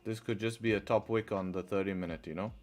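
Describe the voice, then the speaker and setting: A man's voice: fairly low pitch, steady tone, fast, a little mellow, soft background music. A man livestreaming his trading, thinking aloud, answering chat and groaning when trades go against him. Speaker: trading live-streamer. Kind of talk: casual live-stream commentary.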